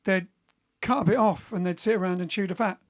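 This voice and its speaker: This man's high-pitched voice moves at a fairly quick clip as he runs his band's livestream from home in lockdown. He chats casually, reads out comments from viewers, and wanders along with plenty of fillers and false starts.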